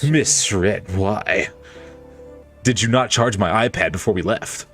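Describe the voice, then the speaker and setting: A man's voice: lowish voice, takes it slowly, soft background music. A man streaming a game, cracking jokes and reading its dialogue aloud with silly put-on voices. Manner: animated, jokey, breaks into silly voices.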